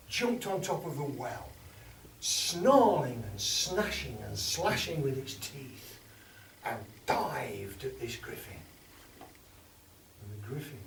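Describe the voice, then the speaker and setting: An English man telling a folk tale to listeners, dramatic, dropping into whispers and rising for effect. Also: medium pitch. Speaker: storyteller. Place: storytelling event. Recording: roomy sound from far off with background noise.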